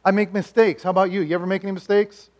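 A middle-aged man preaching a sermon, telling stories in an animated way and swinging between loud lines and hushed ones. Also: high voice, very fast. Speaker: pastor and chaplain.

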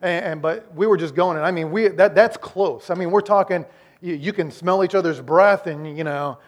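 A man preaching a sermon as the pastor, swinging between loud emphasis and quiet, slowed-down lines, often repeating and restarting words. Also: high voice. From Iowa, United States.

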